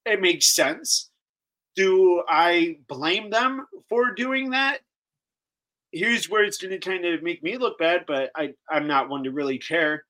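A man speaking as a guest on a live talk show, halting and repeating himself, a little flustered. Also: high voice, sharp tone, rough recording.

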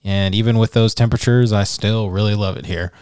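A man's voice: fairly low pitch, fairly even intonation, a little fast, a little mellow, clean tone, dry recording, clean studio sound. A man co-hosting a podcast in casual chat, laid-back and agreeable, laughing along. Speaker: podcast co-host.

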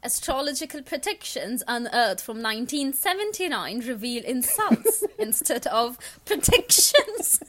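A woman with a high, bright voice makes sassy, joking remarks as she co-hosts a casual news chat. Her pitch is lively and sweeps around a lot. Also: unhurried, hardly any pauses, a little hiss or hum. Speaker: co-host.

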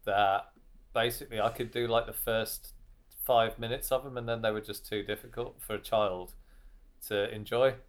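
A lowish-voiced man chats casually as a podcast guest. He is self-deprecating, laughs easily and lets sentences trail off into quiet asides. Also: fairly even intonation, moderate pace. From Birmingham, England. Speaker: comedian guest.

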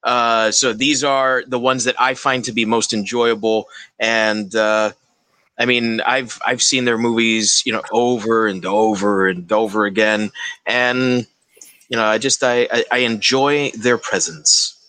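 A man co-hosting a casual podcast, explaining his picks with halting restarts. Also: medium pitch, steady tone, sharp tone, no echo. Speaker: podcast co-host.

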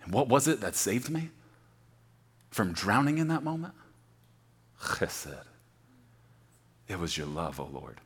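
A middle-aged man preaching a sermon, swinging between loud emphatic declarations and hushed near-whispers. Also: lowish voice, big pitch swings, takes it slowly, pauses often, breathy edge. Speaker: pastor.

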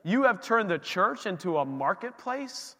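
An indignant, emphatic Jesus, as a preacher acts him out in a sermon, exclaiming in a high, bright voice. The words ring with long reverb through a church hall. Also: male voice, big pitch swings, unhurried, exaggerated voice. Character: Jesus, an indignant man rebuking the temple.

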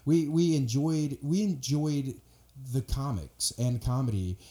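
A man's voice: medium pitch, unhurried, mellow. A man guesting on a podcast, telling rambling stories full of restarts in casual chat. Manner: rambling storyteller, many restarts. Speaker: podcast guest, comedy club staff.

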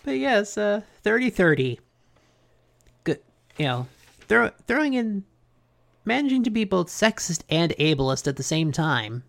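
A man's voice: sits high, big pitch swings, measured pace, creaky, pauses often, fairly bright tone. A man co-hosting a podcast, recapping an old cartoon in a sarcastic, casual way. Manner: sarcastic, acts out characters while recapping. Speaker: podcast co-host.

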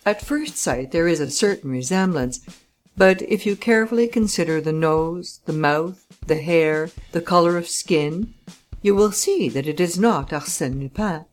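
A woman voicing a grave male detective who gives his testimony in a solemn, deliberate way. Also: fairly low pitch, animated, soft background music, lightly acted.

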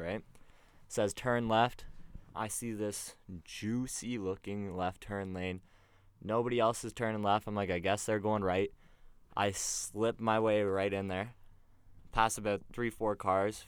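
A man's voice: lowish voice, fairly even intonation, unhurried, clean tone, no room sound. A young man, telling a story on a casual podcast, acting out the quotes and swearing freely. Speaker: podcast co-host.

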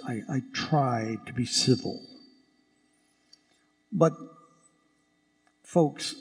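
Slow, emphatic priest in a reverberant church. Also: male voice, medium pitch, slight background noise. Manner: emphatic, rhetorical questions, slow deliberate stresses. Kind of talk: sermon.

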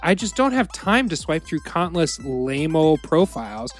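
Woman doing a deep-voiced grub boyfriend. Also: sing-song, a little slow, faint music behind. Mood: earnest. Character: male grub boyfriend, eager eater. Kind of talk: comedy ad parody.

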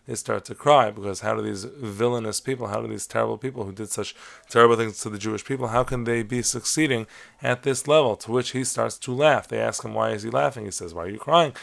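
A man giving a measured, explanatory Torah lesson, weaving Hebrew terms into his teaching. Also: mid-range voice, fairly even intonation, vocal fry. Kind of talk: lecture-style lesson on Talmud stories.

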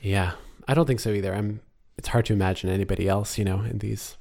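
A man's voice: on the low side, fairly even intonation, quick pace, creaky, darkish tone. A man co-hosting a casual chat about a film, talkative, laughing often and trailing off mid-sentence. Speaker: podcast co-host.

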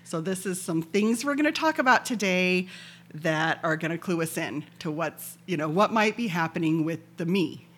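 A woman life coach co-hosting a podcast in a casual, measured way. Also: fairly low pitch, expressive. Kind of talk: casual chat.

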